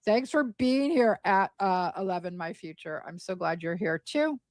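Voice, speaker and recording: A woman's voice: fairly low pitch, expressive, moderate pace, no echo. A woman in her sixties, a live streamer chatting casually and thanking viewers one by one as she reads out the chat. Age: 60s.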